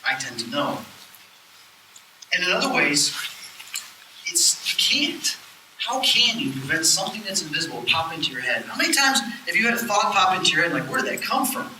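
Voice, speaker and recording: A man's voice: a little high, brisk. A man giving a live lecture to an audience, telling stories and acting out the voices he quotes. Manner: animated storyteller who acts out quoted voices. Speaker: lecturer on spirits and the afterlife. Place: lecture hall at a public event. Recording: roomy distant live-event recording with faint noise.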